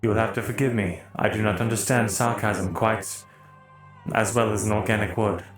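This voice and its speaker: A man's voice: lowish voice, steady tone, moderate pace, lightly acted. A man voicing a formal, literal-minded male synthetic soldier in live role-play, speaking stiffly without contractions. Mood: calm. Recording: roomy echo, faint music.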